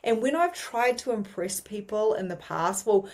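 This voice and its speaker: A woman's voice: medium pitch, normal speed. Chatty New Zealand woman teaching. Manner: chatty, animated, many fillers. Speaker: mediumship teacher. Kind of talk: casual teaching monologue.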